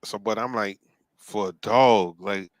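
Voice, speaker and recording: A man hosting a casual talk show, telling a story in a relaxed way and acting out the dialogue. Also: fairly low pitch, unhurried, no echo. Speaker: host.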